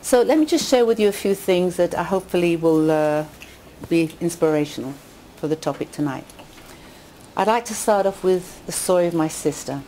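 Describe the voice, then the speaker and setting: Lively woman storyteller. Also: moderate pace, slight background noise. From England. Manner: lively storyteller who rises in pitch on quotes and punchlines. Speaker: speaker addressing a women's audience. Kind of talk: inspirational talk with jokes and stories. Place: community hall with a live audience.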